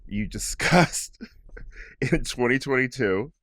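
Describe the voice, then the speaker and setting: A man hosting an interview, asking curious questions in a relaxed, conversational way. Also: mid-range voice, slow pace, no echo, clean studio sound. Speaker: podcast host.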